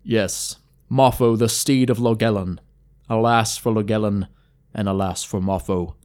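A man's voice: lowish voice, fairly even intonation, a little slow, a little mellow, close to an everyday voice. A man doing a grave, formal fantasy companion. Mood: mournful.

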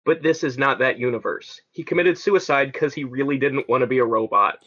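A man's voice: mid-range voice, fairly quick, highs cut off. A man co-hosting a casual gaming podcast, speaking animatedly and often restarting his sentences. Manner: animated, repeats words when starting a thought. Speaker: podcast co-host. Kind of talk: casual chat.

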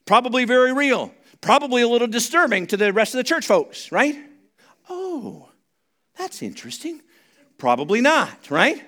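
Male pastor, high bright voice, conversational sermon that swells into forceful preaching. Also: expressive, fairly quick, few pauses. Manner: conversational, builds to loud emphatic preaching. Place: church sanctuary.

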